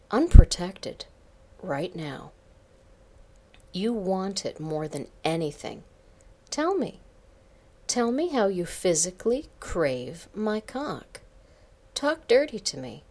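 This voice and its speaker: A woman reading the lines of an arrogant, domineering male boss in a slow, taunting, commanding way, in her own low voice. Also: sing-song, exaggerated voice.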